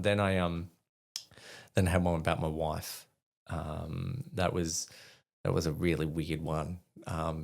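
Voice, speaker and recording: A middle-aged Australian man, an army veteran appearing as a podcast guest, speaks in a low, slightly mellow voice with vocal fry. He tells candid stories in a rambling, conversational way, packed with fillers.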